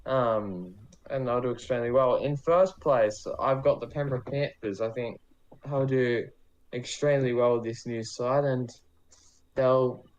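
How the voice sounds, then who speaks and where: A man's voice: medium pitch, a little mellow, dull audio, a little hiss or hum. Easygoing man on a podcast. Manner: easygoing, rambling, self-correcting. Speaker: podcast co-host giving predictions. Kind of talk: casual podcast chat.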